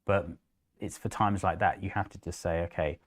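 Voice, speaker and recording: A man's voice: sits low, normal speed. A man co-hosting a live market show, chatty, acting out what investors say to themselves. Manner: animated, acts out investors' inner voices. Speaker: co-host.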